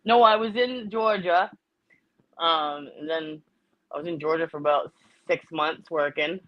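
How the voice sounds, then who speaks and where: A woman's voice: low-pitched, unhurried. A woman from New England talks casually on a livestream, telling stories and laughing often. The sound is slightly muffled and lo-fi. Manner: laughs often, chatty storytelling. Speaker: livestream co-host. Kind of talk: casual chat. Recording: dull lo-fi sound.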